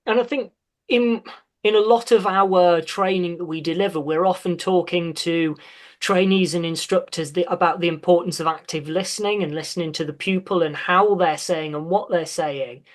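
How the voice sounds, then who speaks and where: A man's voice: high-pitched, moderate pace. Thoughtful, hesitant male podcast host. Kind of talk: casual podcast discussion.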